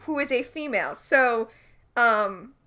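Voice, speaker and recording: A woman hosts a casual podcast, retelling scenes with lively energy. Her voice sits fairly high and sounds bright and forward. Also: measured pace. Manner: animated, recaps scenes and quotes characters. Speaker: podcast co-host. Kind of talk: casual recap chat.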